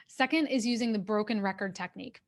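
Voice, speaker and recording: A woman executive coach speaks into her webcam during an online workshop. Her voice sits at a middle pitch, and her delivery is clear, steady and instructive. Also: quick pace. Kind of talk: workshop talk. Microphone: webcam on a video call.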